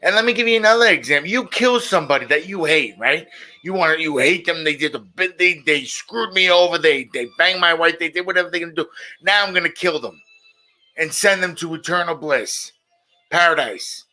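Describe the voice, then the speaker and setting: A man's voice: on the high side, brisk, bright, forceful tone. A middle-aged man hosting a casual monologue show, blunt and opinionated, often repeating his points. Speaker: show host.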